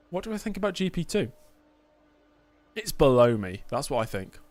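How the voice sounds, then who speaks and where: A man's voice: fairly high pitch, big pitch swings, moderate pace, darkish tone, no room sound. A man livestreaming a racing game, bantering with chat in a mock press conference and calling viewers mate. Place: indoor streaming setup with green screen.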